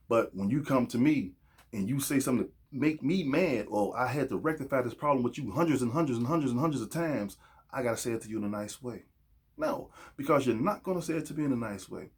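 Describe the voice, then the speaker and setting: Husky man preaching on a podcast. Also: medium pitch, lively intonation, fast. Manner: preachy and emphatic, acts out quoted voices. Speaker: podcast host. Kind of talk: casual opinion monologue.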